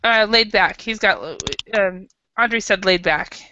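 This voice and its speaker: Bright American woman teaching English. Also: medium pitch, takes it slowly, slight background noise. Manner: hesitant, many fillers and restarts, patient explaining. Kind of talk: classroom teaching. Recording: dull lo-fi classroom recording.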